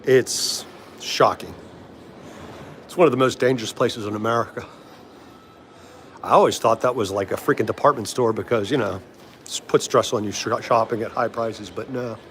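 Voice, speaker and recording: This livestream host is a middle-aged man from the DC area whose talk wanders as he laughs frequently and replies to viewers' comments. His mid-range voice moves at a normal speed with frequent pauses and a fairly bright tone, over slight background noise.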